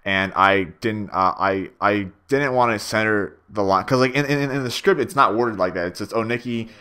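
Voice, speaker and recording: A man's voice: fairly low pitch, moderate pace, pushed and bright, smooth. A young man giving a rambling, stammering director's commentary on his own machinima, full of fillers and swearing.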